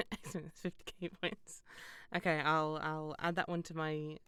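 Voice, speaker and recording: Young british girl streaming a game, rambly and self-deprecating, laughs a lot, smooth clear voice. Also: deep voice, level tone, unhurried, a bit bright, no room sound. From Britain. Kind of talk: casual gameplay stream chat.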